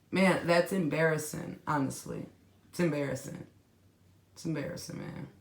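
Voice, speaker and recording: A woman with a deep but fairly bright voice hosts a commentary channel, speaking bluntly and in slang straight to her viewers. She scolds them before winding down in this casual reaction commentary, recorded in an echoey room.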